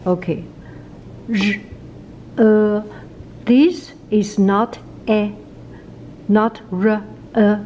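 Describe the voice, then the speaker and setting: A woman with a Chinese accent, a native Chinese speaker, teaching pronunciation in a casual video lesson and repeating sounds many times, slowly and patiently. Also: medium pitch, steady tone, muffled recording, slight background noise.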